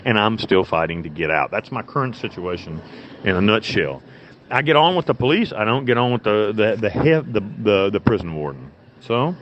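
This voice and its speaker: Over a muffled, lo-fi phone connection with a hint of noise, a U.S. prison inmate rambles through stories from his cell, blunt and profane, often backing up to restart. He is an interview guest on a cell phone, and his voice is lowish with a fairly bright tone.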